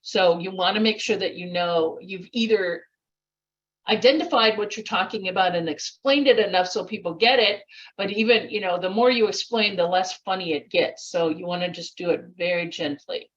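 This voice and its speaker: A woman's voice: mid-range voice, moderate pace, dull audio. A vivacious woman presenting a speech contest workshop, acting out little voices and laughs as she explains. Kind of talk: online workshop talk.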